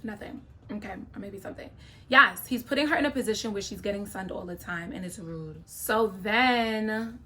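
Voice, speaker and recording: A woman's voice: mid-range voice, moderate pace, sharp tone, soft background music. A young adult woman hosting a reality-show reaction video, giving opinionated casual commentary straight to her viewers. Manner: opinionated, talks straight to viewers, frequent "okay?" asides.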